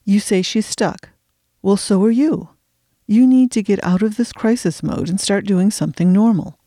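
A woman's voice: medium pitch, normal speed, mellow, no echo, clean studio sound, close to an everyday voice. A woman voicing a therapist who talks in a firm, matter-of-fact way. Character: calm direct woman therapist.

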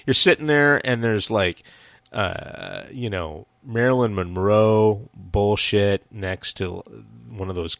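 Chatting casually about a movie, a podcast co-host rambles, swears a lot, and laughs often. His voice is lowish, slow, creaky, and fairly bright in tone, with no echo in the recording.

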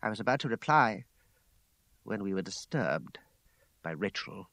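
Expressive male storybook narrator. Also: on the low side, measured pace, gravelly, no echo. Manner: expressive storytelling, varied voices. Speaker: audiobook reader.

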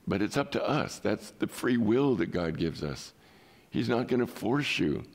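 A male pastor preaching a sermon in an emphatic way, with rhetorical questions and pauses. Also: lowish voice, very animated.

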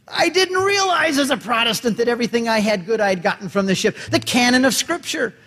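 A man giving an animated talk to a gathering, telling a story and acting out the dialogue with different voices. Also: extremely high pitch, a little fast, slightly rough. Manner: dramatic, acts out dialogue with voices. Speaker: speaker and convert giving a talk. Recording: long hall reverb.

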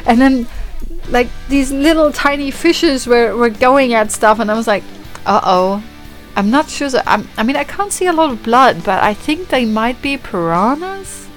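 A woman's voice: sits high, expressive, normal speed, faint music behind. A woman hosting a podcast, casually recapping a film with lots of swearing and acted-out reactions. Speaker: podcast host. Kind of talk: casual film review chat.

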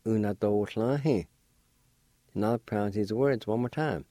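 Slow, patient man teaching words. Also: mid-range voice, dark tone, no room sound. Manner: slow, careful spelling out and sounding of words; patient, encouraging. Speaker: language teacher and radio host. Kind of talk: radio language lesson.

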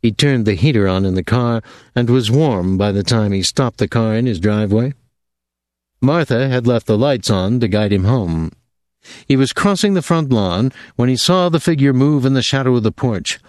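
An audiobook narrator with a medium-pitched voice reads a novel aloud in a lively, expressive style at a moderate pace. The scripted narration is clean studio sound with no room sound.

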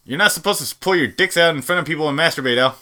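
A man's voice: a little high, very fast, sharp tone. A man co-hosting a casual podcast chat, blunt and profane, giving strong opinions. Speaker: podcast co-host.

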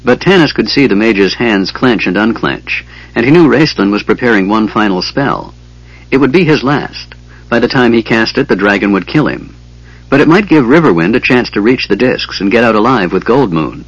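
A man narrating a fantasy audiobook in a measured, dramatic storytelling manner. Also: lowish voice, animated, husky, no room sound, muffled recording.

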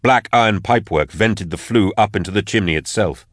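A man narrating a dark fantasy story with measured, dramatic delivery. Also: on the low side, no echo, clean studio sound. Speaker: audiobook narrator. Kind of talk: scripted narration.

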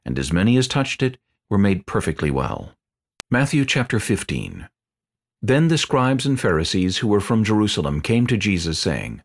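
A man narrating scripture in a clear, steady reading voice. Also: fairly low pitch, normal speed.

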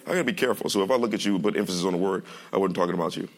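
Animated preacher with a gravelly voice. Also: male voice, low-pitched, racing, noisy background. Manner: animated, joking, speaks with the congregation. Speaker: pastor. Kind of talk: sermon. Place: church sanctuary.

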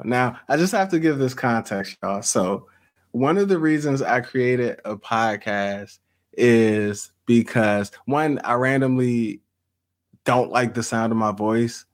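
Brief: middle-aged man, casual podcast host, animated storyteller with easy laughs, mid-pitched voice. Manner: storytelling, laughs often, addresses audience as y'all. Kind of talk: casual livestream chat.

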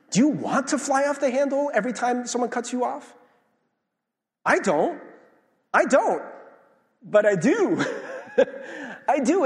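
Lively, animated male pastor in a reverberant hall. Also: a little high. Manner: conversational, self-deprecating, acts out quoted reactions. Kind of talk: sermon.

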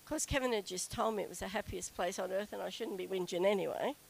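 A middle-aged woman telling a personal story to an audience in a chatty, animated way. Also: quick pace, creaky, a little hiss or hum, low-quality recording. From Australia. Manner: chatty, animated, acts out quoted whining in a high voice. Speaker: speaker telling a story to a group.

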